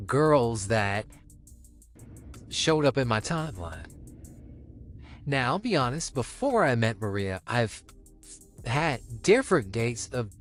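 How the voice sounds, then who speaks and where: A young man co-hosting a podcast, talking casually and easygoing about dating and his girlfriend. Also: mid-range voice. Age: young adult. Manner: easygoing, rambling with restarts. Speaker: podcast co-host.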